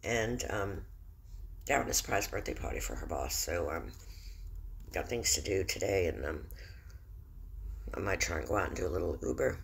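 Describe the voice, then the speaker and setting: A middle-aged Christian video host with a low, expressive, creaky voice reads the news aloud at home at normal speed, adding his own commentary, pausing often, and stumbling over foreign place names that he spells out. His tone is fairly bright with a breathy edge, and there's faint background noise in the room.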